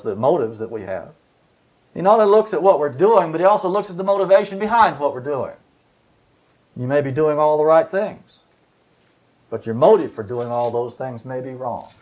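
A man's voice: mid-range voice, darkish tone. A man preaching a sermon, walking through scripture verses in a conversational way and asking his listeners rhetorical questions.

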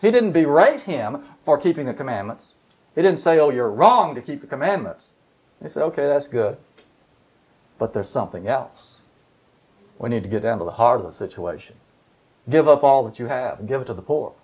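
A man's voice: medium pitch, big pitch swings, moderate pace, darkish tone, breathy edge. A man preaching a sermon, walking through scripture verses in a conversational way and asking his listeners rhetorical questions.

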